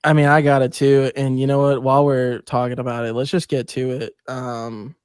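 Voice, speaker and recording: A young man hosting a podcast, telling a story in casual chat, animated and swearing, acting out quotes with big jumps in pitch. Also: moderate pace, clear, resonant tone, no echo, studio quality. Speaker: podcast host.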